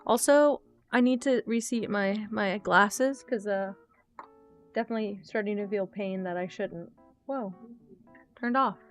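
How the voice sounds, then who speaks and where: Speaking a little slowly in a mid-range voice, a young woman chats through her game stream. Her talk is candid and wandering as she thinks out loud and answers viewers, with faint guitar music in the background.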